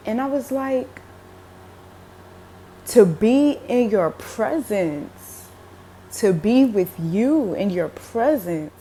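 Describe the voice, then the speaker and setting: A young religious vlogger gives a casual spoken testimony of a dream, emotional and peppered with fillers like "like" and "um." Her voice is lowish with a darkish tone, and there's a little hiss or hum.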